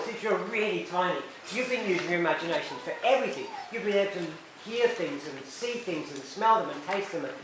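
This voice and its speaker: Playful man, high voice, echoey room. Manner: playful, acts out scenes with silly voices and sound effects. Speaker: children's workshop presenter. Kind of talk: lively talk to a young audience. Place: room with a live audience. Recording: echoey room from far off, noisy.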